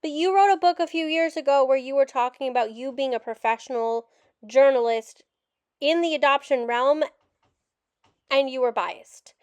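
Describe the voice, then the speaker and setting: A woman with a high voice rants in frustration as she reacts to a documentary, cursing without apology. Her sound is dry and close to the mic, with no room around it. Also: normal speed, dry recording, muffled recording. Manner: frustrated, ranting, swears openly. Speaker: adoptee commentator. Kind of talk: reaction rant video.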